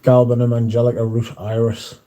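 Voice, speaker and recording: A man's voice: medium pitch, monotone, brisk, mellow. A man hosting a livestream in casual chat, reading out viewer comments and answering them in a dry, offhand way.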